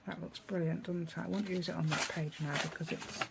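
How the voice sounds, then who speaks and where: A woman's voice: fairly low pitch, fairly even intonation, fairly quick, vocal fry, heavy background noise. A middle-aged woman with an East Midlands English accent, chatting casually through a craft tutorial at her table, rambling and asking tag questions.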